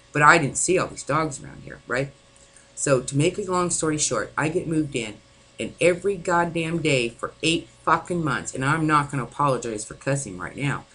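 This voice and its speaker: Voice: medium pitch, pushed and bright, slightly rough, poor audio. A distraught vlogger venting angrily to camera, swearing often and rambling with many fillers. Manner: angry, frequent swearing. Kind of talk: venting personal monologue.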